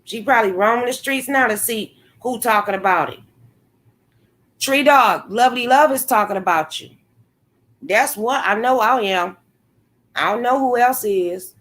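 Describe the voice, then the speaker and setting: A woman hosting a casual livestream, talking bluntly to her chat viewers, swearing freely and reacting with animated commentary. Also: fairly high pitch, moderate pace, long pauses. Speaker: livestream host. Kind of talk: casual live-stream commentary.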